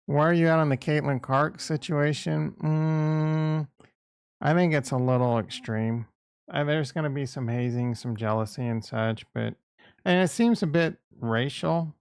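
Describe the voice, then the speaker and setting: A man's voice: on the high side, measured pace, smooth, no room sound, clean studio sound. A middle-aged man hosting a livestream, chatting in a blunt, rambling, crude way. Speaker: livestream host. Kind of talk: casual livestream chat.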